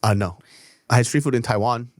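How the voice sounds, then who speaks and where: A man's voice: medium pitch, a little fast, no echo, clean studio sound. A middle-aged man co-hosting a casual podcast, telling stories with lots of swearing and acting out other people's lines. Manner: animated storyteller, swears freely, acts out other people's lines. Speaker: podcast co-host.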